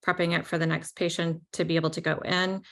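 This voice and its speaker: A woman's voice: on the low side, little pitch movement, fast, creaky, a bit bright. A woman consultant talking casually on a business podcast, chatty and full of fillers. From New York. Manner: chatty, many "like" and "right?" fillers.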